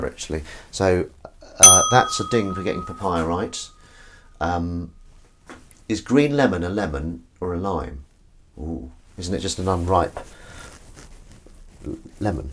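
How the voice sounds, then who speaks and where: A man's voice: low voice, animated, normal speed, a little hiss or hum. Chatty man with dishes clattering. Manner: chatty and rambling, self-deprecating, frequent restarts and asides to viewers. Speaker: livestream host. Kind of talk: casual chat while washing up, reading viewer comments. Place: home kitchen at the sink. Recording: kitchen with clattering dishes and cutlery behind.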